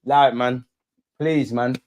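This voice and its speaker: A young man hosting a live football watch-along, excitable and slangy, shouting out his viewers. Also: mid-range voice, normal speed, background noise. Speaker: fan channel host.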